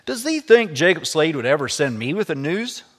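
A man's voice: a little high, very animated, normal speed, pitched above the performer's own voice. A man voicing an eager, boastful young boy in a room with a long echo. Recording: echoey room with long reverb.

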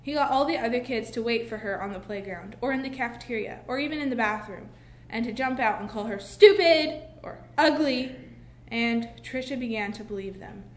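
A woman reading a children's book aloud, expressive, with slow dramatic pauses. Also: a little high. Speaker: narrator. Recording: echoey room with faint hiss.

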